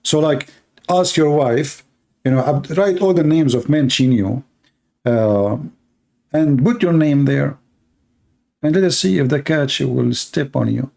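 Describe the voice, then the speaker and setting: A man's voice: mid-range voice, unhurried, creaky, pauses often, a little mellow. A man giving sarcastic live-stream reaction commentary on a clip, rambling and mocking in broken English.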